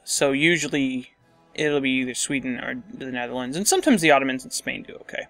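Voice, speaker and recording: A man's voice: medium pitch, animated, fairly quick, a bit bright, soft background music. A man casually commenting on a strategy game as he plays, thinking aloud and muttering asides to himself. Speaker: let's play host.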